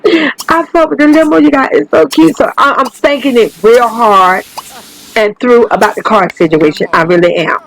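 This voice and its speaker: Here a woman's somewhat high, creaky voice comes through a low-quality recording at a moderate pace. She runs her own gaming channel and talks chattily through her life-simulation game, swearing freely and constantly speaking to viewers in casual play-by-play.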